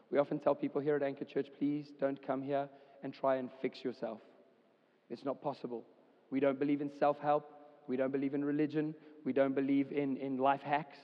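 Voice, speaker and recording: A man's voice: mid-range voice, little pitch movement, brisk. A man, preaching a casual, chatty sermon as a church pastor, with many fillers. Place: church hall. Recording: dull sound with long hall reverb.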